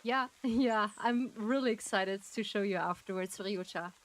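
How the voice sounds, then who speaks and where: Thanking her chat with lots of giggles and gushing, a woman streams a game and chats casually. Her voice is mid-range and unhurried, captured in a low-quality recording.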